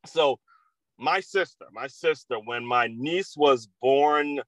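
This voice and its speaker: A man's voice: medium pitch, slow pace, a bit bright, dry recording, rough recording. A man hosting a podcast, talking casually and candidly with frequent swearing and restarts. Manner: candid, profane, repetitive restarts. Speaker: podcast host. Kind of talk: casual monologue.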